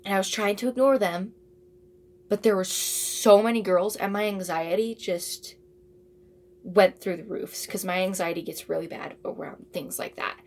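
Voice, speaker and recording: A woman's voice: mid-range voice, fairly even intonation, normal speed, darkish tone. A teenage girl telling a casual storytime, rambling and chatty with lots of asides and fillers. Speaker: vlogger.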